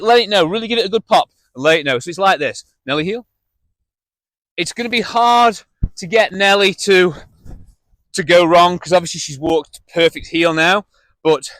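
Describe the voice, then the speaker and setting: A man with a fairly high-pitched voice explains how to train a dog, talking straight to the camera as he walks the dog through each step. His tone is direct and practical. The recording is close and dry, with little room sound. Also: fairly bright tone, no room sound. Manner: direct and instructive, talking to camera while demonstrating. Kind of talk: hands-on training demonstration.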